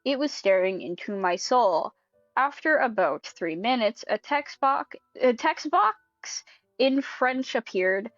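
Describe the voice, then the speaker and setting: A woman's voice: on the high side, expressive, no room sound, muffled recording, faint music behind. Giggly young woman reading a creepy story. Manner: breaks into laughter and comments mid-reading; quick, giggly and sweary. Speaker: creepypasta reader. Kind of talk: casual reading with asides.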